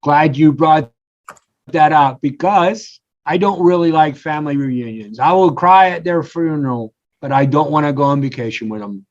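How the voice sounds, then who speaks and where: Animated older man, dull recording. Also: fairly high pitch, moderate pace. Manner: animated storyteller, acts out quotes. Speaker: podcast guest, coach. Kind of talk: casual interview talk. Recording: slightly dull lo-fi audio.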